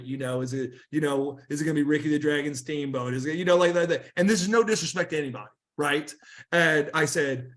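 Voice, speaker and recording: A man's voice: fairly high pitch, quick pace, a bit bright. A middle-aged man telling rambling wrestling stories in a casual interview, with many restarts and fillers. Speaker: guest wrestler.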